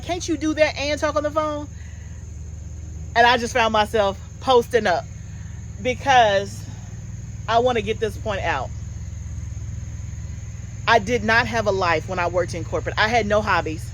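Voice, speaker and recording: A woman in her forties chatting casually with viewers as host of a home gardening channel, animated and talkative. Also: medium pitch, slight background noise, poor audio. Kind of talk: casual chat.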